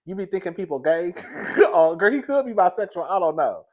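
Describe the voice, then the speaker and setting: A man telling a casual story to the camera in a chatty gossip style, often calling the listener "girl" and laughing through it. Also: brisk. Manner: animated, high-pitched and loud when laughing through the story. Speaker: vlogger.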